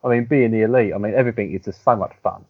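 A man co-hosting a casual podcast chat, animated and quick to mimic other people. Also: fairly low pitch, breathy edge, dry recording. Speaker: podcast co-host. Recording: dull lo-fi sound.

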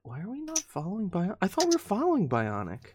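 A man co-hosting a live stream, chatting casually in a jokey, animated way. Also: high-pitched, a crowd in the background. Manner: jokey, animated, quick to laugh. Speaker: stream co-host. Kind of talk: casual chat.

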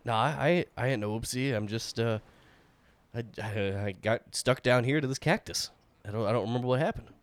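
A man's voice: mid-range voice, a little fast, dry recording, natural voice. A man voicing a dazed, rambling man who has been tied to a poison cactus for a long time. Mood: confused.

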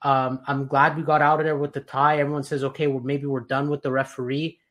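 A man hosts a casual football podcast, giving strong opinions with animated energy. He often restarts his sentences mid-thought. His voice sits in an ordinary middle range. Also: medium pitch, fast talker. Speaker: podcast host.

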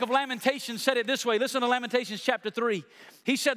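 Male pastor, high bright preaching voice, repeats lines and calls for responses from the church. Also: steady tone. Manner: preaching, building from soft and slow to loud and high; repeats phrases, calls on the congregation to answer. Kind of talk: sermon.

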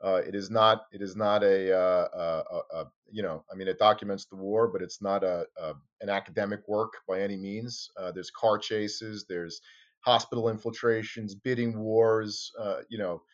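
A man in conversation, recounting a story with lively energy and throwing his voice up high whenever he quotes someone. His audio sounds a bit dull and lo-fi, like a remote call. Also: normal speed. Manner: animated, acts out quotes with sharp jumps in pitch. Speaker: interview guest, former tabloid reporter.

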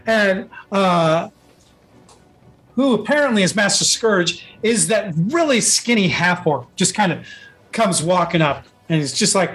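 Game master guy, high voice, rambly with lots of ums. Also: animated, a little slow, a bit bright. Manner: rambling, filler-heavy narration. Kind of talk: narrating a tabletop game.

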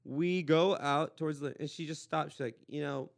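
Podcast host, male, from Los Angeles, rapid-fire rambling storyteller, laughs a lot. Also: a little high. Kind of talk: casual chat, storytelling.

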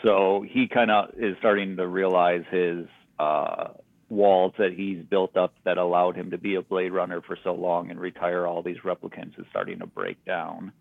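A man co-hosting a podcast, casually recapping a movie's plot in a relaxed, storytelling way. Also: low voice, normal speed, gravelly, no room sound. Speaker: podcast co-host. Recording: dry, phone-like sound.

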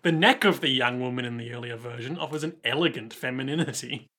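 A man's voice: mid-range voice, fast talker, pushed and bright. A man co-hosting a casual podcast, reading florid text aloud in a mock-solemn way and chuckling through it. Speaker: podcast co-host. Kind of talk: casual chat, reading art analysis aloud.

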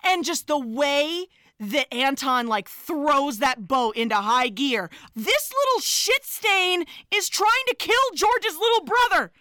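A woman co-host gushes through a movie recap in an animated, laughing way, dropping the odd swear. Her voice is high and bright. The sound is dry and close. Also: takes it slowly, no room sound. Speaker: podcast co-host. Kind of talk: casual movie recap chat.

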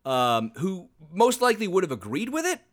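A man's voice: high voice, huge pitch swings, moderate pace. A man hosting a casual discussion podcast, chatty and wry with frequent fillers. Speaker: podcast host.

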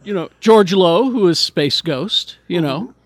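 A man's voice: sits high, lively intonation, measured pace, dry recording. A man hosting a radio show, chatting casually and rambling with lots of fillers and restarts.

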